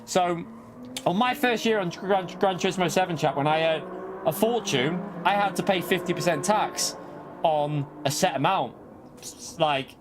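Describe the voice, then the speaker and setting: Over music, a high-pitched British man at normal speed chats with viewers during a live racing-game stream. Excitable and quick to laugh, he swears when shocked.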